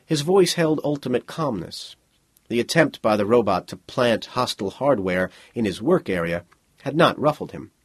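A man reading a science fiction story aloud as a narrator, in a measured, even delivery. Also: medium pitch, breathy edge, no echo. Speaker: audiobook narrator.

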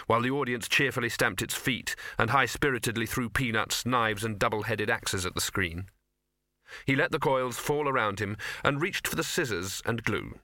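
A man narrates an audiobook in a wry, lively storytelling manner. His voice is bright and crisp at a middling pitch, recorded close and completely dry. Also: dry recording.

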